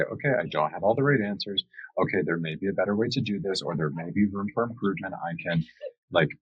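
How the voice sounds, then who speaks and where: Very husky low-voiced male host. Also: fairly bright tone, dry recording. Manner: affirming, reflective, repeats key words for emphasis. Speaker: podcast host. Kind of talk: reflective interview conversation. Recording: dry, slightly dull lo-fi recording.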